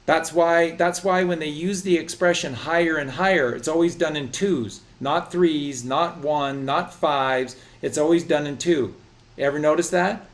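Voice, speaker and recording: Animated preachy man. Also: on the high side. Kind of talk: casual religious discussion.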